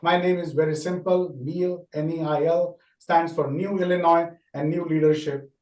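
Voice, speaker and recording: A man giving a candidate's closing statement over a video call, earnest and rapid, with loosely structured sentences. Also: fairly high pitch, fairly even intonation, a little mellow. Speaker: political candidate. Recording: echoey room, distant from the mic.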